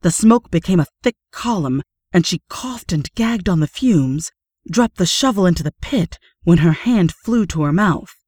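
A woman reading a horror story aloud in steady, measured audiobook narration. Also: fairly low pitch, no room sound, clean studio sound.

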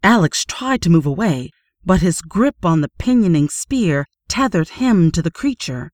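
Steady woman audiobook narrator, lowish voice, dry close mic. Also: dry recording. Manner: steady, measured reading.

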